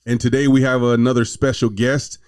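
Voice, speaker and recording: Male podcast host, slightly congested, relaxed and jokey. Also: mid-range voice, fairly quick, clean tone, dry recording, clean studio sound. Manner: laid-back, laughs easily. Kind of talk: casual chat.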